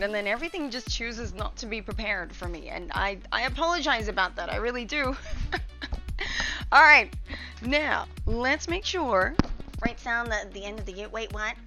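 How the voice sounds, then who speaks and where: A young woman chats with her stream viewers from her home kitchen in a casual livestream, scatterbrained, chatty and a little out of breath. Her medium-pitched voice is creaky, pushed and bright.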